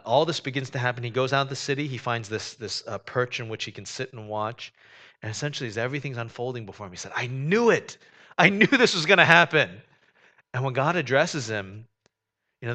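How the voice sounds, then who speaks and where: A man preaching a sermon, conversational and animated, with joking asides. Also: medium pitch, a little fast. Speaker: pastor.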